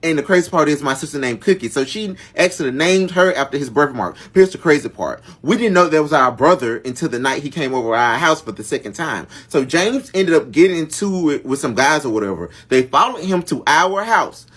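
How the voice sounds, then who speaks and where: A man's voice: a little high, expressive, fairly quick, few pauses, fairly bright tone. Young man telling a dramatic story. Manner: dramatic, chatty, addresses viewers as y'all. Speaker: storyteller vlogger. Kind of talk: casual storytime narration.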